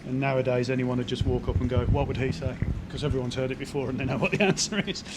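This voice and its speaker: A man talking casually as a musician guest in an outdoor interview, thoughtful and dryly funny, with halting restarts, into a handheld mic. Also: mid-range voice. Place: outdoors in the cold. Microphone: handheld microphone. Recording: outdoor street noise.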